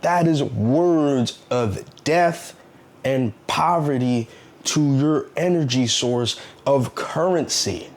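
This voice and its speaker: A man's voice: mid-range voice, slow pace, a little mellow. Man, self-help vlogger, casual motivational monologue, earnest and preachy, leans on rhetorical questions, mid-range voice.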